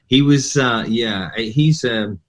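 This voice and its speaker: A middle-aged man, an actor as guest, telling animated stories in a relaxed interview and acting out what others said. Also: medium pitch, slow pace. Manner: animated storyteller, quotes people in lively voices. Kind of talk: conversational interview.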